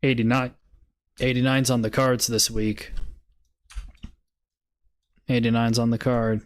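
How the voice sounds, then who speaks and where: Brief: male stream host, unhurried, mid-pitched, casual market chatter. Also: little pitch movement. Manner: laid-back, muttering, bursts of swearing laughter.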